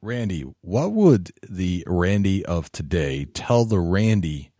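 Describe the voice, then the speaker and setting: A man's voice: low voice, big pitch swings, takes it slowly, mellow, no room sound, studio quality. A man hosting an interview, asking questions and giving short encouraging reactions.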